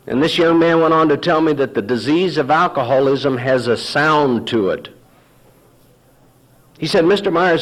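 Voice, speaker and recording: A man from Texas, medium-pitched and heard through poor audio, shares his testimony at a recovery meeting. His telling is story-driven, and he plays out past arguments in a sarcastic voice.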